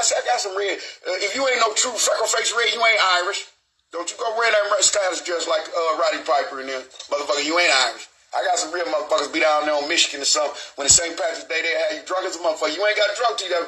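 A man's voice: a little high, sharp tone, low-quality recording. A middle-aged man hosting a live online show, talking in a rambling, streetwise way and swearing freely. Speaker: show host. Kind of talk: casual live stream talk.

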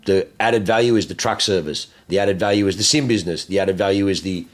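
Low-voiced Australian man, swearing casually. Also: fast talker. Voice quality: profane, animated storyteller. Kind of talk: casual chat.

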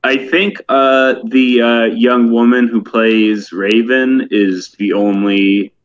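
A man's voice: mid-range voice, steady tone, slow, slight background noise. Frustrated man on a dull, lo-fi mic. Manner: frustrated, swears casually, many fillers. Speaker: podcast co-host. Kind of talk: casual chat.

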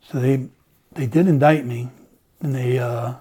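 A man's voice: medium pitch, steady tone, measured pace, warm tone, slightly rough. A middle-aged man, a former police officer, telling a story in casual conversation, acting out the dialogue and swearing freely.

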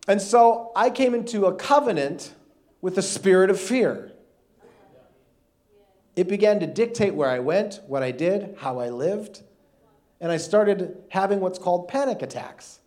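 His voice sits high and moves a little slowly as this thirtysomething guest preacher animatedly shares a comical personal story, with frequent laughter throughout the sermon.

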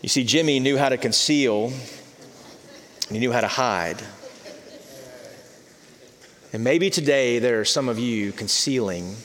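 A man preaching a sermon as pastor, earnest, repeating words and dropping softly for emphasis. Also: medium pitch, measured pace. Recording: long reverb of a large hall.

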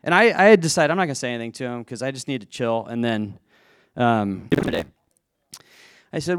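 A man's voice: mid-range voice, animated, brisk, pauses often, a bit bright, clear, resonant tone, no echo. Chatty man telling a story, dry sound. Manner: chatty, self-deprecating, laughs at himself, frequent restarts. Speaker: speaker addressing a live audience. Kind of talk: storytelling talk to an audience.

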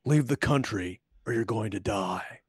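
Man doing a husky, grim hitman. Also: lowish voice, a little slow, dry recording, clean studio sound. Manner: terse, clipped lines. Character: grim, weary male hitman movie-star impression.

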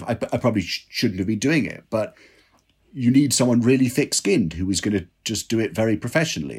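A man from England, a writer being interviewed, telling stories in an animated, self-deprecating way with lots of "you know". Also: lowish voice, husky. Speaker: guest, drinks writer. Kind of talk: conversational interview answers.

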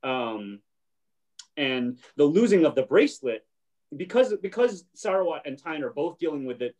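A man's voice: on the high side, big pitch swings, normal speed, a little mellow. A man hosting a casual chat and retelling a show scene, briefly acting out the characters' lines. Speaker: podcast host.

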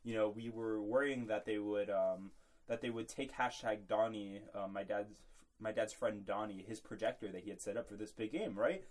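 A man's voice: on the low side, normal speed. A young man co-hosting a casual sports podcast, chatty and laughing often. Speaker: podcast co-host.

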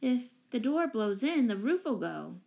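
A woman reading aloud, voicing a shy homeless boy who speaks slowly and hesitantly. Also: on the high side, very animated, vocal fry, darkish tone, exaggerated voice. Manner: mumbling, hesitant.

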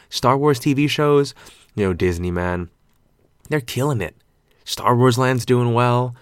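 A man's voice: medium pitch, no room sound, studio quality. A man in his twenties hosting his own podcast alone, rambling and joking, with casual swearing. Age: 20s. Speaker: podcast host. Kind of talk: solo podcast chat.

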